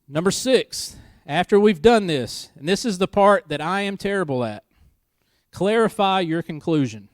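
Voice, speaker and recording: A man's voice: high voice, animated, normal speed, dry recording, studio quality. A married man preaching a church sermon in a conversational way, with joking asides and key lines repeated for emphasis. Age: adult, married. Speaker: pastor. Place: church service.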